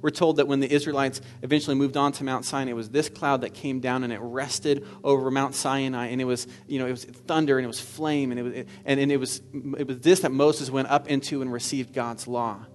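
A man's voice: medium pitch, steady tone, a little fast, few pauses, slight background noise. A man preaching a sermon in an earnest manner, rising at times to fervent exclamation. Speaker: pastor.

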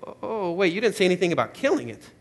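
A man's voice: high-pitched, sing-song, quick pace, creaky, pitched above the performer's own voice, heavily acted. A man voicing a pleading male ghost who stalls and bargains anxiously. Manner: nervous, stalling, rising to panic.

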